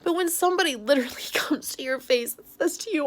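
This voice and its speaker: A middle-aged woman vlogs about a hard day in a high, very animated voice, tearful and upset after crying. She talks fast in bursts with few pauses, breaking into nervous laughs in this emotional personal vlog.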